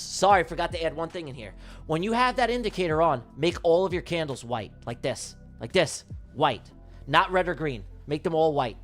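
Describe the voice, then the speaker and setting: A man with a high-pitched voice gives live day-trading commentary, hammering his points home by repeating them. He talks emphatically and swears casually. Faint music plays quietly behind him. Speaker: livestream trading host.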